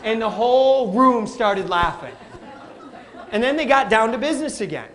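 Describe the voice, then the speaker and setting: A man giving a live motivational talk, animated, calling the audience folks and acting out what people say. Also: extremely high pitch, normal speed. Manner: animated, addresses crowd as folks, acts out quotes. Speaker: motivational speaker.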